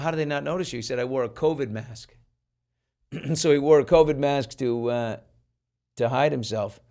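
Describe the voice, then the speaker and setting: A man hosting a talk show, chatting casually and telling stories with animation, acting out the people he quotes. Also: medium pitch. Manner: animated storyteller who acts out quoted people. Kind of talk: casual chat.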